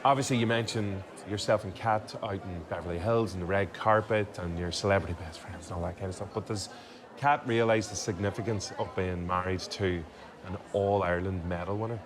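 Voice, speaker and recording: A man with a very deep voice hosts a relaxed chat, putting joking, teasing questions to his guest. A crowd is clearly heard in the background. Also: brisk. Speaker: host. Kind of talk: casual interview chat.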